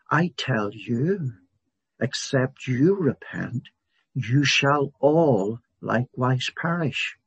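A man preaching a sermon in a slow, emphatic way, repeating phrases for stress. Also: mid-range voice, slightly rough, no echo.

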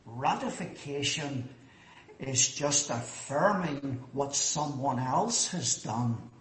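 Man, preacher, slow measured delivery, emphatic rises, echoey room. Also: mid-range voice, lively intonation, a bit bright. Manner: measured, deliberate, rising emphatically on key points. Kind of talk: expository sermon. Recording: echoey room with faint ambience.

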